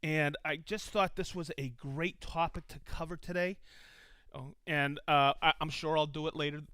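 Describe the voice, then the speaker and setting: A man's voice: a little high, steady tone, moderate pace, pushed and bright, smooth, no room sound, clean studio sound. An enthusiastic man hosting a casual live stream, chatting and calling out viewers' locations one after another. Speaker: host of a live tool show.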